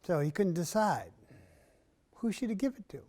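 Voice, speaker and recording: Man telling a folk tale slowly. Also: high voice, very animated. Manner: measured, with long dramatic pauses, often dropping soft. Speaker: storyteller. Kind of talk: oral storytelling performance. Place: arts center performance space, indoors.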